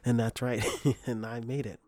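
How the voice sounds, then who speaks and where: A man hosting a comedic podcast, hoarse with his voice nearly gone, joking and self-mocking. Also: mid-range voice, little pitch movement, normal speed, warm tone, no echo, clean studio sound. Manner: jokey, playful, self-mocking. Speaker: podcast host.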